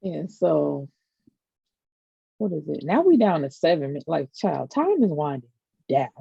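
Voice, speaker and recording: Low gravelly woman chatting animatedly. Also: a little slow, dry recording, dull audio. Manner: animated, acts out characters' lines, laughs often. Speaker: podcast co-host. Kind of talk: casual TV recap chat.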